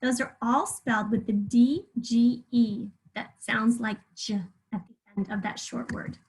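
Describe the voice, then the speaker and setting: A woman teaching a remote spelling lesson to third graders, talking patiently and clearly with example sentences. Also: on the high side, fairly even intonation, measured pace, a little mellow, low-quality recording. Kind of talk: remote spelling lesson over shared slides.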